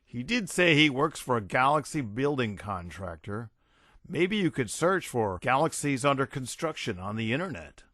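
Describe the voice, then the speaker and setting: A man's voice: medium pitch, big pitch swings, moderate pace, bright, forceful tone, no room sound, clean studio sound. A man voicing a laid-back, wisecracking rock musician with an offhand, sarcastic way of talking.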